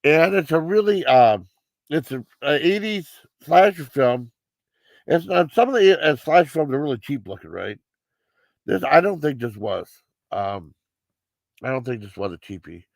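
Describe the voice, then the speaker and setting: A man's voice: a little high, animated, moderate pace, a little mellow, no room sound. A man giving a casual live movie review, rambling with many fillers and restarts.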